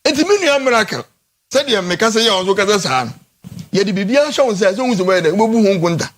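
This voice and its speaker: A Ghanaian man hosting a morning talk show, debating animatedly and repeating words as his pitch jumps. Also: expressive, quick pace. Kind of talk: animated studio debate in Twi and English.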